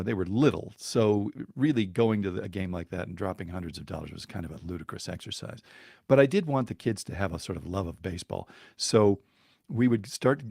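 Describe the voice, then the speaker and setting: A man telling a story on a podcast in a lively, chuckling way, with fillers and restarts along the way. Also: on the low side, gravelly, dry recording, studio quality. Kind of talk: conversational storytelling.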